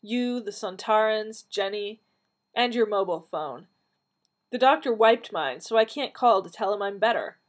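A woman voicing a feisty, quick-tempered young woman in a storybook reading. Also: mid-range voice, lively intonation, pitched above the performer's own voice, close to an everyday voice. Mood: spirited. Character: feisty red-haired young British woman.

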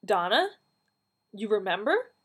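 A woman voicing a calm, dryly amused young woman doctor in a storybook reading. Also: mid-range voice, takes it slowly, husky, pitched above the performer's own voice, full character voice. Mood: wry.

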